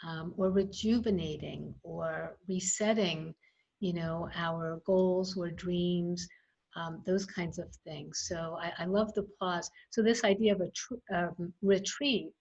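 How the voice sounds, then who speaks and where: A woman speaking as a guest expert on early childhood education in a casual webinar conversation, reflective and thoughtful with frequent pauses. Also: lowish voice, fairly even intonation, gravelly, darkish tone. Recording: slightly dull video call audio.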